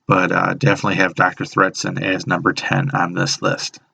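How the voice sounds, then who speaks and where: A man hosting a horror list video, talking casually with many halting restarts and enthusiastic praise. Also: deep voice, monotone, gravelly, bright, forceful tone, breathy edge, no echo, low-quality recording. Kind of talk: casual spoken commentary.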